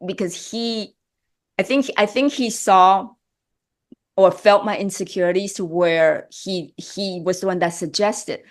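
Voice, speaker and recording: Emotional, halting middle-aged actress. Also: female voice, mid-range voice, steady tone. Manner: emotional, halting, many restarts. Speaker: actress, guest. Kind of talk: interview chat.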